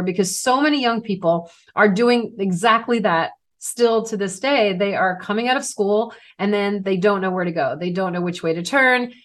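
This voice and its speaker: A woman hosting a podcast interview, enthusiastic, speaking in long explanatory turns. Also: medium pitch. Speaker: podcast host. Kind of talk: casual interview.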